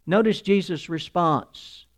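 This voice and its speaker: A man's voice: high voice, takes it slowly. A male pastor preaching a sermon, reading scripture aloud and explaining it with earnest restarts.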